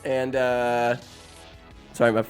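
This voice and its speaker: A man hosting a podcast, recapping a film in an animated, joking way, swearing and doing goofy character voices. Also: medium pitch, slow, faint music behind. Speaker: podcast host. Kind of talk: comedic movie recap. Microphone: phone.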